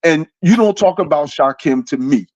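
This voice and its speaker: A man co-hosting a casual online talk show, excitable and repetitive as he breaks down drama. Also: a little high, normal speed, dry recording, muffled recording. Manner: excitable, repeats himself, says bro a lot. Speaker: co-host. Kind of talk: casual commentary chat.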